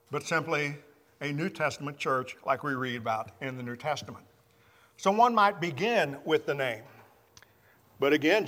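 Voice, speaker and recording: A man preaching a sermon, teaching from scripture in a measured, emphatic way. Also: a little high, fairly bright tone, big-room sound.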